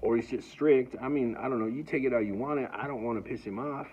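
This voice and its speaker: A man's voice: mid-range voice, fast talker, darkish tone, breathy edge. A man telling a personal story in a casual, rambling way, often stammering and restarting. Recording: dull lo-fi recording.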